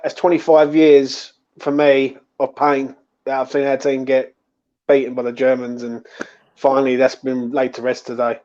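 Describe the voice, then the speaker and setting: A man's voice: medium pitch, flat delivery, normal speed, a little mellow, lo-fi sound. A man chatting about football as a fan guest over a call, chatty and celebratory. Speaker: fan caller. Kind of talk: casual football chat.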